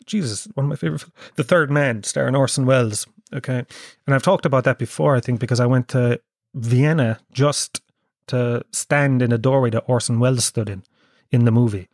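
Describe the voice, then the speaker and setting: A man's voice: medium pitch, a little mellow, dry recording. Irish guy doing his podcast solo, sick n wrecked, sweary rambly self-deprecating, dead dry close mic. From Ireland. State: ill and worn out. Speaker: podcast host. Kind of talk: casual solo podcast monologue.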